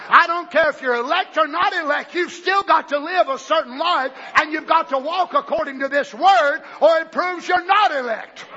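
A man preaching a fiery sermon, shouting fervently and then dropping to low, quiet asides. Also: moderate pace, hardly any pauses. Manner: shouts fervently, swings between loud bursts and low asides. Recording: dull lo-fi recording.

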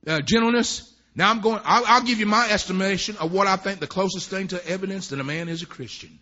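A man preaching a sermon at a church service, telling folksy, rambling stories that swell into fervent shouts. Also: sits high, quick pace. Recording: dull lo-fi recording.

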